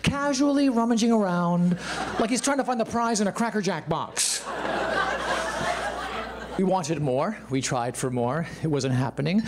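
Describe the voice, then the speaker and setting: A man doing a stand-up routine with an animated storytelling delivery, shouting his punchlines. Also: high-pitched. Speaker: stand-up comedian. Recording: live club with noisy audience.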